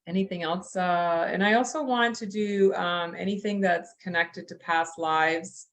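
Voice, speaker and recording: A woman hosting a relaxed group call, chatty and easygoing before leading a meditation. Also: lowish voice, a little slow.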